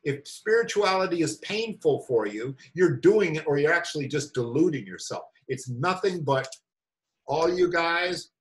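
Animated, incredulous male meditation teacher. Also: a little high, rough recording. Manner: animated, incredulous, rambling asides. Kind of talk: reading and commentary on a spiritual talk.

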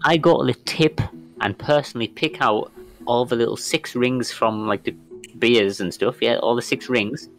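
A man's voice: medium pitch, moderate pace, a bit bright, faint music behind. A man bantering with friends during a gaming session, making crude jokes. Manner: joking, crude humour. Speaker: friend on the call. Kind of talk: casual banter while gaming.

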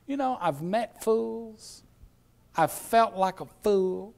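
Male preacher, high voice, gravelly, storytelling sermon, hushed to shouting. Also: animated, slow pace. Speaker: pastor. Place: church sanctuary.

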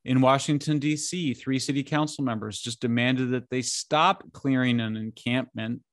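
A middle-aged man talking as an interview guest, animated and incredulous, speaking in bursts with frequent restarts. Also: mid-range voice, moderate pace, dry recording, studio quality. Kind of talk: conversational interview.

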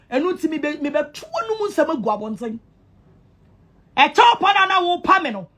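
High-voiced, mocking Ghanaian woman. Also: sing-song, brisk. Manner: mocking, repetitive and sing-song, with loud outbursts. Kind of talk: taunting monologue to camera.

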